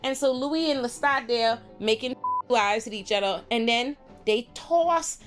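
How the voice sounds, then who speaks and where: A woman recapping a TV show in casual, profane, animated speech, slipping into mocking voices for the characters. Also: on the high side, unhurried, over music. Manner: animated, profane, mimics characters in quoted bits. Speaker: pop culture commentator.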